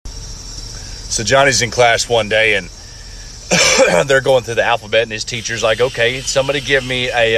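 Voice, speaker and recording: A man's voice: medium pitch, bright, forceful tone, slight background noise. A man telling a crude classroom joke in a casual, rambling way, swearing freely. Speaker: joke teller.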